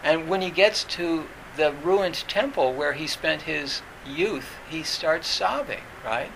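A man teaching as a Zen teacher in a dharma talk, halting and full of fillers and restarts. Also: fairly high pitch, creaky, a bit bright, a little hiss or hum, low-quality recording.

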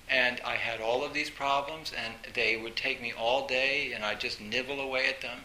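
A man giving a storytelling dharma talk as a meditation teacher, animated, with frequent laughter and many fillers. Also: mid-range voice. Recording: roomy echo with faint hiss.

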